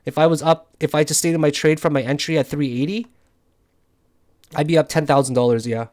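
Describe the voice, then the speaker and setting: A man with a somewhat high voice talks through his trades live, worn out after a night with no sleep. He thinks out loud, gets frustrated and swears often. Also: steady tone, fairly quick. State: tired from no sleep. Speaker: crypto day trader. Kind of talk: live trading commentary over charts.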